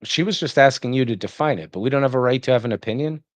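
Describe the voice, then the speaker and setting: A man's voice: mid-range voice, fast, no echo. A man giving reaction commentary, sarcastic and indignant as he rants.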